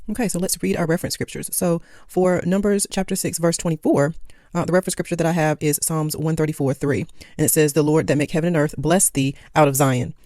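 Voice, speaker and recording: A man's voice: on the high side, steady tone, fast talker, darkish tone, no room sound, studio quality. A man teaching Bible study, reading verses aloud and then explaining them step by step. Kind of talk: explaining scripture.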